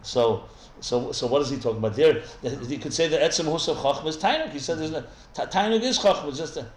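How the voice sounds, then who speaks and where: Rabbi teaching a text class in an echoey room. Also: male voice, on the high side, animated, fast. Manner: thinks aloud with many restarts, explanatory. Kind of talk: live text study class. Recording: echoey room with faint ambience.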